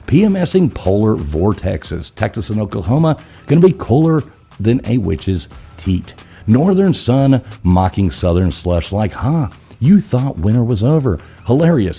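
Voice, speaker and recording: A man hosting a podcast, running through the news with crude, irreverent jokes and quick asides. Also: low-pitched, warm tone, slightly rough. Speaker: podcast host. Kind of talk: crude comedic news rundown.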